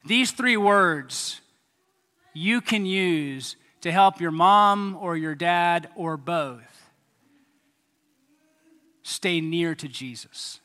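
A man preaching a sermon as pastor, animated, acting out voices and making sound effects. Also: high-pitched, drawn-out words, pauses often. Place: church hall. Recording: hall reverb.

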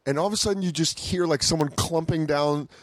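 Animated higher-voiced man telling a story. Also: fairly quick, no echo, studio quality. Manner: animated, laughing, acts out friends' lines. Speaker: podcast guest comedian. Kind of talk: casual storytelling chat.

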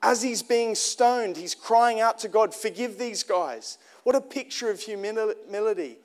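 Guy preaching, kinda high voice, chatty and earnest, keeps restarting and asking the crowd stuff. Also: normal speed. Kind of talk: sermon.

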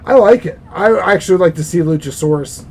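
A man's voice: on the high side, animated, quick pace, darkish tone, a little hiss or hum, rough recording. A man co-hosting a podcast, chatting about wrestling in an easygoing, hesitant way with frequent restarts. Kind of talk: casual wrestling chat.

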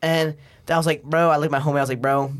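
A young man recounts a messy night to a friend on a podcast, swearing freely and breaking into laughter. His voice sits a little high. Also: racing. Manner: animated, swearing, laughing often, slangy. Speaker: guest. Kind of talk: casual storytelling chat.

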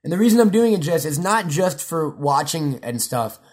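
A young man with a slightly high voice talks in a loose, rambling way, cursing often and tripping over restarts. He jumps from story to story and slips into quoted lines as he goes. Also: big pitch swings, normal speed, darkish tone. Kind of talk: casual chat.

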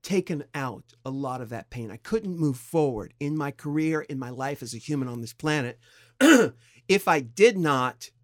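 A middle-aged man from San Diego, co-hosting a podcast in candid, casual talk, thoughtful and halting with expressive swings in pitch. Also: dry recording, studio quality. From San Diego, California. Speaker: podcast co-host.

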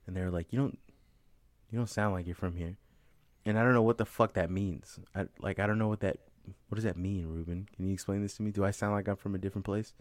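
Young guy from the bay, lowish voice, rambling and swearing, casual podcast banter, dry mic. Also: steady tone, fast, no room sound. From San Francisco Bay Area. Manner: rambling, profane, many "you know what I'm saying". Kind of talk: casual comedic chat.

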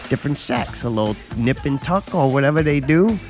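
A man's voice: mid-range voice, animated, a little fast, darkish tone, faint music behind. A man co-hosting a casual podcast, joking sarcastically and swearing a lot. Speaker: podcast co-host. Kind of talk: casual chat.

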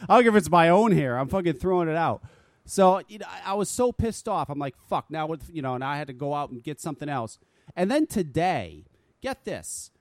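Animated, swearing talk radio host man. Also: on the high side, brisk, no echo. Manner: animated, exasperated, swears freely. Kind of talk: casual profane talk radio rant.

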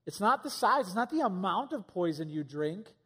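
A man's voice: high voice, very animated, normal speed, fairly bright tone, breathy edge, in a large hall. A man preaching a sermon in a conversational way, asking the congregation rhetorical questions. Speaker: pastor.

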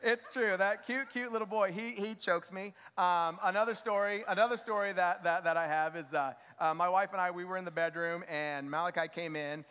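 A high-voiced man shares a personal story with a church congregation. He speaks earnestly, stumbling and repeating words as he goes. His voice rings with a long reverb from the sanctuary. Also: fairly quick, hardly any pauses, fairly bright tone, clean tone.

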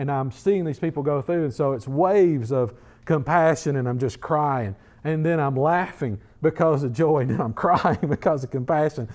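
A man's voice: mid-range voice, darkish tone. A middle-aged man preaching a sermon in a conversational way, often repeating words as he builds emphasis. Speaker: pastor.

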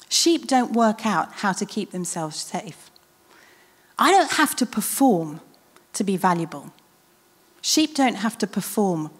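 A woman delivers a sermon in an earnest, reflective manner. She repeats her key points with emphasis and often drops into a soft hush. Her voice has a middle pitch, and a long reverb trails behind it in the church hall. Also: slightly rough. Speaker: preacher.

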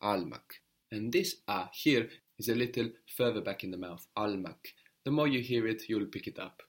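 A man's voice: fairly low pitch, expressive, normal speed. A man teaching a one-to-one Turkish lesson, explaining patiently and repeating words for his student.

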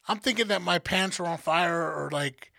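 Male podcast co-host, profane animated storyteller, gravelly bright voice. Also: sits high, normal speed, dry recording. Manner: profane, animated storyteller acting out family members. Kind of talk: casual storytelling.

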